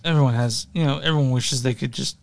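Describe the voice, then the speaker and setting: A man's voice: medium pitch, fast talker, vocal fry. A young man co-hosting a music podcast, rambling casually, laughing often and swearing offhand. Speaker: podcast co-host.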